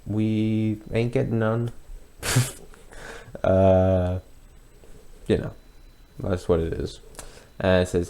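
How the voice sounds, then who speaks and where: A young man talking casually as he reacts to his own old video, hesitant and rambling, with lots of pauses and restarts. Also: deep voice, creaky, dark tone. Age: young adult.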